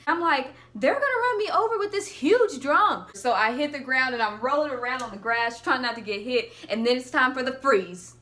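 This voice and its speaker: Bubbly bright-voiced young woman storyteller. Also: high-pitched, moderate pace, few pauses. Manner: animated, laughing, acts out quotes. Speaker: vlogger. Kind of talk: casual storytelling.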